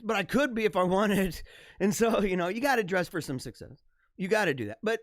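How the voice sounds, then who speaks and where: Energetic rambling man on a livestream. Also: high-pitched, no echo, clean studio sound. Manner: rambling, energetic, laughs often. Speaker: livestream host. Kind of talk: casual live-stream chat.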